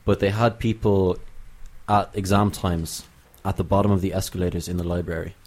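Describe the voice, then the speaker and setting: A man's voice: low voice, flat delivery, a little mellow. A young man co-hosting a student radio show, rambling through stories and jokes in casual banter. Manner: rambling storyteller, quick to joke.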